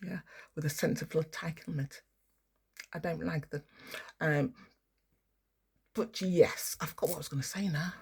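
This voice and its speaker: Husky ranting woman. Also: low-pitched, fairly even intonation, moderate pace, long pauses, darkish tone. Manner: ranting, heavy swearing. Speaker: spiritual vlogger. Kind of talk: angry rambling monologue. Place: outdoors.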